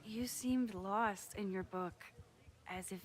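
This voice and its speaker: An actress voicing a gentle young woman photographer who teaches a class, in video game dialogue. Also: medium pitch, slow pace, a little hiss or hum, close to an everyday voice. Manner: soft-spoken, thoughtful.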